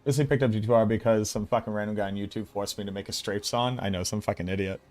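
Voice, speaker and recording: Excitable, foul-mouthed male streamer. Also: fairly low pitch, quick pace, soft background music. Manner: excitable, blunt, swears freely. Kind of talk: casual live-stream commentary.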